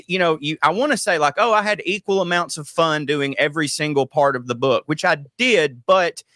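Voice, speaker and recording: A man, a comedian guest telling stories in a rambling, animated way on a radio interview. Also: on the high side, dry recording, clean studio sound. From Southern United States. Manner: rambling, animated storytelling with many restarts.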